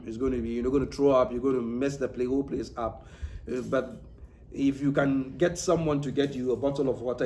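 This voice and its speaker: A man's voice: mid-range voice, warm tone, slight background noise. A man teaching an informal religious class in a mosque, talking conversationally with frequent "you know" and restarted phrases. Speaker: Islamic teacher. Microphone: livestream mic.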